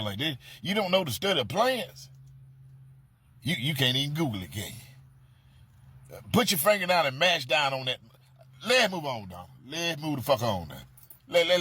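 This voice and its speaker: Brash, mocking man with a husky voice. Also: medium pitch, sharp tone. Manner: brash, mocking, heavy on repetition and cursing. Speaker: comedic storyteller. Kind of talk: profane comedic monologue addressed to an absent person.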